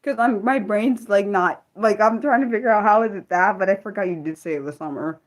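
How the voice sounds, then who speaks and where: Speaking at a brisk clip with a medium-pitched voice, this young woman from the US runs an unscripted livestream. She rambles as she talks to her viewers, often restarting and leaning on fillers.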